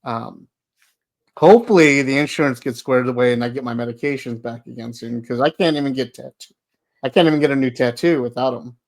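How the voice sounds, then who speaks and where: A man hosting a podcast, speaking casually with halting, stumbling restarts. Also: medium pitch. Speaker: podcast host. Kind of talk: casual interview talk.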